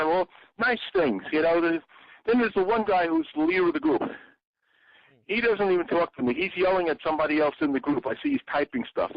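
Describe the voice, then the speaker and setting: Male interview guest, animated storyteller, slightly high voice, dull dry audio. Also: fast talker, dry recording. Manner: animated storyteller, acts out quotes. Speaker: exhibit designer. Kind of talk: casual interview.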